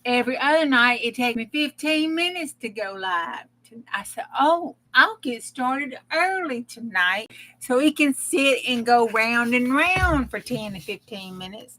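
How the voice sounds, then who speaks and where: Lady chatting on a craft livestream, bright higher voice, gushing and laughing. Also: slight background noise. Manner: effusive and chatty, laughing often. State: close to tears. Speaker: crafting live-stream host. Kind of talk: casual live-stream chat.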